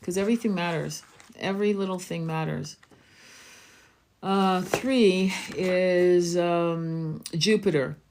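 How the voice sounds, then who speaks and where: Low-pitched woman hosting an oracle stream, coaxing viewers to open up. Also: slow, darkish tone, a little hiss or hum. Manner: encouraging, coaxing viewers to share. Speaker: tarot and oracle reader hosting a live stream. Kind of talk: live-streamed spiritual session.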